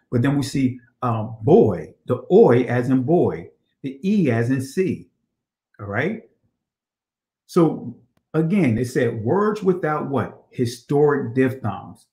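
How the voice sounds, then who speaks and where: Man, lecturing, rhetorical questions, repeats quotes slowly, echoey room, mid pitch. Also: a little mellow. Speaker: religious teacher. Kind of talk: lecture over on-screen slides.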